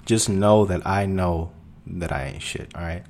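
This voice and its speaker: A man's voice: deep voice, steady tone, a little slow, darkish tone, slight background noise. A young man in his twenties, an open-mic comedian hosting his own podcast, rambling in a profane, self-deprecating monologue. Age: 20s. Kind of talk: casual solo podcast monologue.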